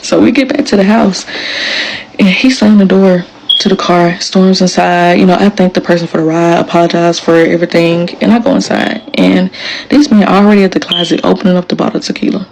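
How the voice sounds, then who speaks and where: A woman's voice: fairly low pitch, steady tone, fairly quick, gravelly, a little mellow, slight background noise, low-quality recording. A woman, telling the story of her marriage in casual, emphatic storytelling to camera, acting out quoted lines.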